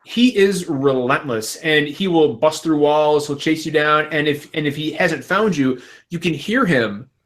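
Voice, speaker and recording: A man with a slightly higher voice hosting a gaming podcast. He tells stories with excitement and swears freely, the way people talk casually among friends. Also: a little slow, hardly any pauses. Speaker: podcast host.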